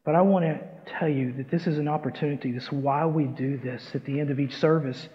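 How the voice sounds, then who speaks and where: A man's voice: fairly high pitch, fairly even intonation, fairly quick. A man preaching a sermon in a casual, folksy storytelling way, acting out the voices in his stories. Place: church sanctuary. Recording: muffled church recording with long reverb.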